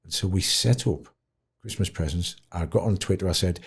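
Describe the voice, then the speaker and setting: A middle-aged man with a Yorkshire accent, telling stories as a podcast guest in an expressive, self-mocking way. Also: moderate pace, breathy edge. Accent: Yorkshire English. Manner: expressive, swoops high for quoted voices, self-mocking. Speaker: podcast guest, dementia advocate. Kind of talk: animated storytelling in conversation.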